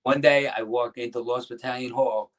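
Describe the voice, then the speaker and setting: A man's voice: mid-range voice, steady tone, moderate pace. Rambling New man telling stories. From New Jersey. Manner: rambling, restarts, acts out quotes of others. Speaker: guest, former pro wrestler. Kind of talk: casual interview storytelling.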